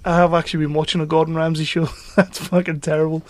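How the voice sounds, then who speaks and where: Teasing man, slightly high, dry. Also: little pitch movement, fast talker, no echo. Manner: laughs a lot, teasing. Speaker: podcast co-host. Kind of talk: casual chat.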